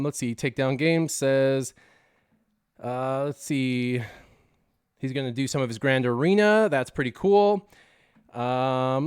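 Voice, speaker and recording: A man's voice: medium pitch, smooth, no room sound, studio quality. A young man telling a childhood story on a casual live stream, acting out the scenes and laughing often.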